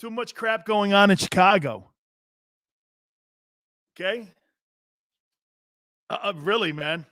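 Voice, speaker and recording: A man's voice: high-pitched, slow pace, pauses often, fairly bright tone, no room sound, studio quality. A middle-aged man hosting a sports talk show, blunt and profane, joking with his chat. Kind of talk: loud, brash sports talk.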